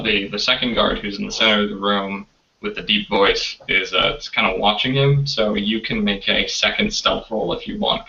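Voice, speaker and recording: Game master, male, sharp bright timbre; rambling narration with fillers, mic far off. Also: on the low side. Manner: loose, halting narration with many fillers. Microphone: video call. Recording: distant, dull lo-fi call audio.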